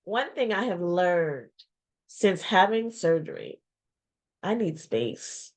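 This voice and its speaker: A woman in her forties, a small business owner, talks candidly into a webcam. She is reflective and heartfelt, pausing often and repeating phrases. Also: fairly low pitch, lively intonation, a little mellow. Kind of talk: candid personal vlog talk. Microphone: webcam or video-call mic.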